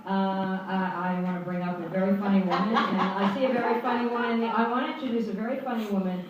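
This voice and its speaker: A woman's voice: mid-range voice, fairly even intonation, quick pace, highs cut off. A woman with a New York accent hosting a comedy show, joking brassily between introductions. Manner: brassy, jokey banter. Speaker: show host. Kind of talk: stand-up and emcee patter. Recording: echoey room, far mic, noisy.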